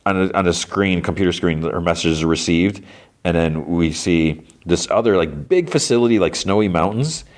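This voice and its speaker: A man with a very low voice runs through a TV episode scene by scene. His recap stays loose and conversational, packed with "he's like" and quick restarts. It sounds like a relaxed podcast host.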